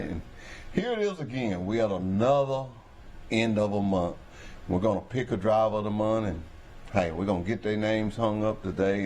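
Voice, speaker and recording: A man with a hoarse voice, hosting a local trucking company show in a folksy, rambling manner. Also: lowish voice, a little mellow, slight background noise. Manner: folksy, rambling, preacher-like address to the audience. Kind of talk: casual talk show monologue.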